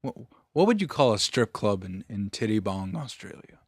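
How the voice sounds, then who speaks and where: A man's voice: fairly low pitch, sing-song, no echo, clean studio sound. A man co-hosting a casual comedy chat, joking around and giggling often. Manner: joking, giggly, slow drawl. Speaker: podcast co-host.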